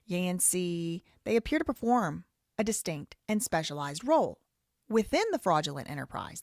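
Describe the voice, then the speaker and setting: A woman's voice: on the low side, no echo, clean studio sound. A woman hosting a live show, reading a lawsuit aloud in a casual, rambling way, with wry asides and frequent self-corrections.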